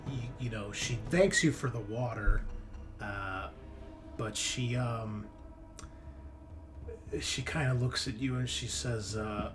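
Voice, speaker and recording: A man's voice: medium pitch, takes it slowly, pauses often, over music. A man narrating as game master of a tabletop role-playing game, hesitant with many fillers.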